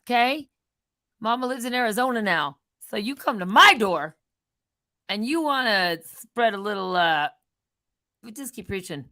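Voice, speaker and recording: A middle-aged woman hosting her own vlog, talking in a mocking, sarcastic, animated way. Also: medium pitch, measured pace, pauses often, dry recording, low-quality recording. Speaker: channel host.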